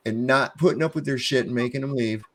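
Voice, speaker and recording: A man's voice: mid-range voice, quick pace. A middle-aged man telling a story in casual conversation, swearing freely and acting out both sides of a confrontation in a defiant tone. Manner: profane, defiant, acts out both sides of the exchanges.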